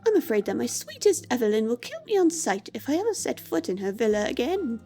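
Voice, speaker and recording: A woman's voice: on the high side, big pitch swings, brisk, dark tone, faint music behind. A woman voicing a vain, fussy male vampire who speaks theatrically and melodramatically, reading a game aloud. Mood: dramatic. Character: vain dramatic male vampire, fussy about his cape.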